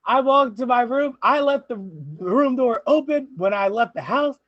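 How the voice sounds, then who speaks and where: A man's voice: extremely high pitch, lively intonation, measured pace, dry recording, highs cut off, pitched above the performer's own voice. A man voicing his rowdy young friend who is telling how a drunken night went, in an indignant, incredulous way.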